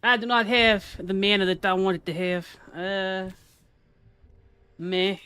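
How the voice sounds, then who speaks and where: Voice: mid-range voice, steady tone, slow pace, bright, forceful tone, clear, resonant tone. A VTuber streamer giving casual gameplay commentary, full of playful trash talk aimed at opponents.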